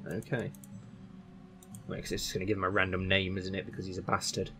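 A man's voice: deep voice, flat delivery, brisk, bright, forceful tone, faint music behind. A man casually commentating on his strategy game and thinking aloud. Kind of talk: casual let's-play commentary.

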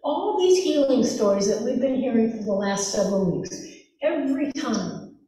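A woman's voice: on the high side, animated, moderate pace. Woman preaching in an echoey church. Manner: gentle storytelling, softening to a hush for quoted words. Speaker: pastor. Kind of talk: sermon retelling a gospel story. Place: church sanctuary. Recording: echoey church hall from far off.

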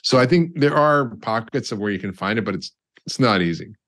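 A very low-pitched man speaks as a doctor in an interview. He explains at length, stacking up examples and restarting phrases as he thinks. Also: animated, fairly quick, fairly bright tone, slight background noise. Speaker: doctor and guest. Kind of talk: conversational interview.

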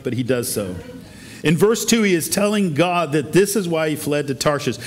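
A man's voice: a little high, darkish tone. Man preaching an earnest sermon. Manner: earnest preaching, rhetorical questions to the congregation. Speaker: pastor. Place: church sanctuary.

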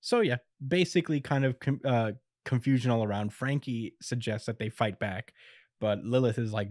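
A young man in a casual podcast recap, easygoing and quick to laugh at his own summary. His voice sits at an ordinary middle pitch. The recording is dry and close, with no room around it. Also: a little mellow, no room sound. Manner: laid-back, chuckles often, acts out quotes in quick bits. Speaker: podcast co-host recapping manga. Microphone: podcast microphone.

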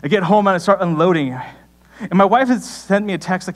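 Young guy preaching, chatty storytelling, voice a bit high, jumps up when worked up. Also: quick pace. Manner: conversational storytelling with sudden rises in pitch. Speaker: pastor. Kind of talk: sermon.

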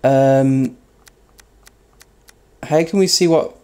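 A man commenting on his own racing gameplay, joking at his own expense and yelping loudly when he crashes. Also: extremely slow, clean tone. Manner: self-mocking, yelps high when crashing. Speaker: gaming YouTuber. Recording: loud background noise.

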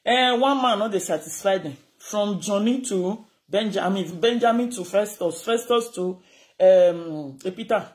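In this to-camera rant, a speaker with a Nigerian accent scolds with lots of animation while alternating between Pidgin and Yoruba. They speak at medium pitch, without hurrying.

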